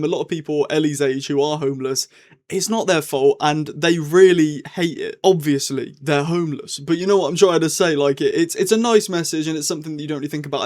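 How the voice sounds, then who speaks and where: A young man giving a casual, rambling TV review, his tone swinging up and down as he talks. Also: a little high. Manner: chatty and rambling, with lively swings in tone.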